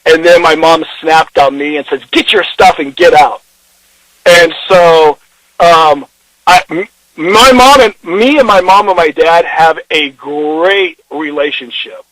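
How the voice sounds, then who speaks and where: High-voiced man recounting events by phone. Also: a bit bright, no echo, low-quality recording. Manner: rambling, restarts, acts out quoted dialogue. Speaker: interview guest. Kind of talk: emotional first-person retelling. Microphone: phone call.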